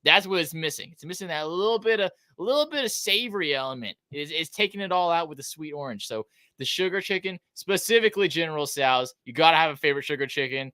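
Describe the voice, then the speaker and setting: Bright, emphatic male podcast co-host. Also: fairly high pitch, animated, fast, no echo, clean studio sound. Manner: emphatic, playfully opinionated. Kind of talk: casual chat.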